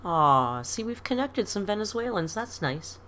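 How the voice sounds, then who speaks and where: With a medium-pitched, fairly bright voice that swings widely in pitch, a middle-aged Canadian woman takes her time as she hosts an easygoing livestream. She reads comments aloud and tells chatty stories, laughing a lot, and there's slight background noise.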